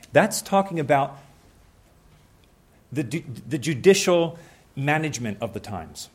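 A young man preaching a sermon in a conversational way, acting out little scenes with quick changes of voice. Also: a little high, very animated, husky.

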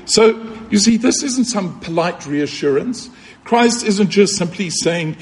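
A man's voice: high voice, expressive, a little slow. A man preaching a sermon, earnest and emphatic, repeating key points and asking rhetorical questions.

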